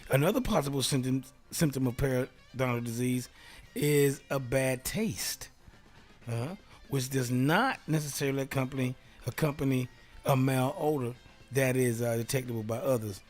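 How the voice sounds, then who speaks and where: With faint music in the background, a male radio host speaks at a normal speed in a mid-range voice, reading aloud and clowning around on his casual solo show, frequently laughing and dropping into whispered asides.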